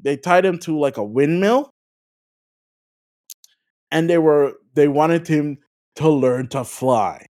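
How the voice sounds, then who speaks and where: Casual gaming podcast host, animated storyteller, lively swooping pitch. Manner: animated, full of "like" fillers; laughs through stories.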